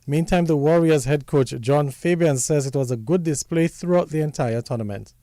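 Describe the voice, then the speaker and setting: A man presenting a radio sports report in a measured, formal read. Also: on the high side, dark tone, no echo. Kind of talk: scripted news reading.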